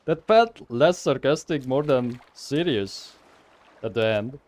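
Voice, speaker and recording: A man's voice: mid-range voice, lively intonation, slow, a little mellow, slight background noise. A young man streaming a game, chatting casually and thinking aloud as he rambles with fillers. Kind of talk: casual live game commentary.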